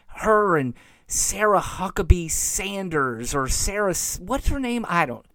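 A man's voice: high voice, expressive, measured pace, fairly bright tone, dry recording, clean studio sound. A man hosting his own show, giving exasperated, sarcastic commentary and mocking the people he talks about. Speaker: podcast host. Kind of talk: opinionated solo commentary.

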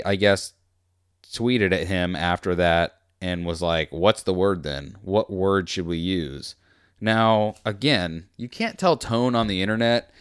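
A man hosting a commentary video, reading tweets aloud and mocking them in a sarcastic, rambling way that swings between loud outbursts and muttering. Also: sits low, clean tone, dry recording, clean studio sound.

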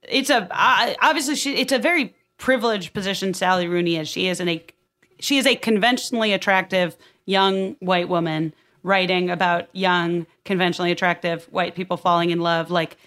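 A young woman hosting a casual book discussion, thinking out loud with frequent restarts. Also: fairly low pitch, fairly quick. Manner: thinks aloud with restarts, animated.

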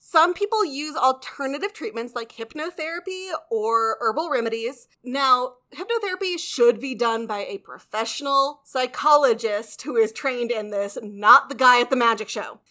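Woman cohost explaining stuff casually, bright highish voice, jokey asides. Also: animated. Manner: informative, quick asides, playful jokes. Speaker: podcast co-host.

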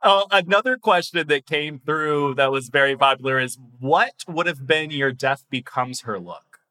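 A playful man conducting a relaxed interview, asking questions and trading jokes. His voice is bright and a touch high, and he talks quickly when he gets going. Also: low-quality recording. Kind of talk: casual interview chat.

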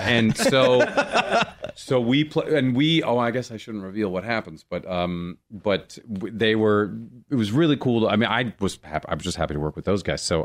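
A middle-aged man tells stories in a relaxed chat, his voice sitting low. He jumps into other people's lines as he talks, playing out each exchange. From born in Rome, raised American. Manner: animated storyteller, acts out quoted people in raised voices. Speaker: actor guest. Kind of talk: casual chat.

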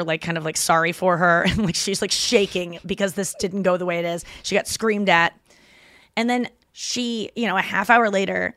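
A woman's voice: medium pitch, dry recording. Chatty woman comedian on a podcast, acts out quotes, dead dry mic. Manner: chatty, animated retelling with quoted voices. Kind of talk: casual podcast storytelling.

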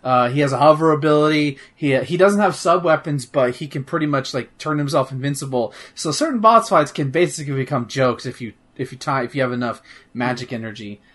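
A podcast host reviews a video game in casual, rambling chat full of fillers and restarts, swearing now and then. His medium-pitched, slightly bright voice runs a little fast.

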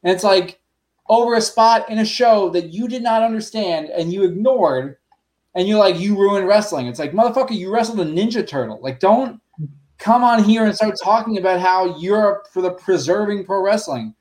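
A man's voice: high voice, moderate pace, a little mellow. A man on a podcast ranting bluntly, swearing often in casual chat.

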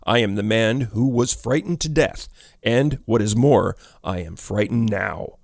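A man doing a sad, quiet young ghost. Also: fairly low pitch, expressive, gravelly, no echo, clean studio sound. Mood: fearful. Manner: slow, quiet, sighing.

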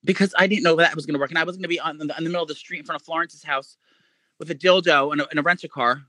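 A man co-hosting a podcast in casual chat, an animated storyteller who swears a lot and acts out quotes in a high voice. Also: very fast, dry recording. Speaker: podcast co-host.

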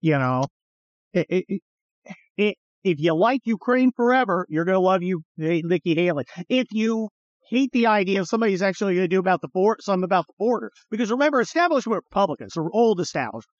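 A man's voice: high-pitched, animated, fast, dry recording, muffled recording. A man hosting a political podcast, talking in a sarcastic, mocking and blunt way, with swearing. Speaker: podcast host. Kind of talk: political commentary monologue.

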